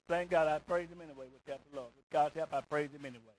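A man preaching a call-and-response sermon in church, rising to shouts on key words and asking "isn't that right?" again and again. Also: fairly high pitch, steady tone, racing, poor audio. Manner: rises to shouts on emphasis, repeats "isn't that right?".

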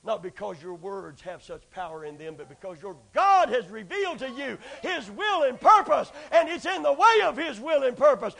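High gravelly-voiced man preaching. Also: big pitch swings, moderate pace, hardly any pauses. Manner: swings from shouting to hushed, whooping. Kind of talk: sermon.

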